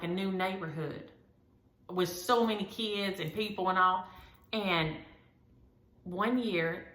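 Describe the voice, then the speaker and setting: Low, bright-voiced woman. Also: echoey room. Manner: rambling, homespun storytelling. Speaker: cross-stitch vlogger. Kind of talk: casual chat to viewers.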